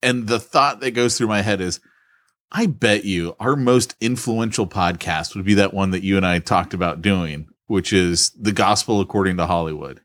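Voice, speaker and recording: A man's voice: low-pitched, normal speed, a bit bright, no room sound. A man co-hosting a podcast in casual banter, laughing and teasing. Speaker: podcast co-host.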